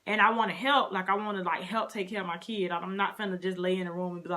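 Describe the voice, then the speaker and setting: A young woman vlogger telling her story in a casual, animated way, talking straight to her viewers. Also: mid-range voice, fast, few pauses.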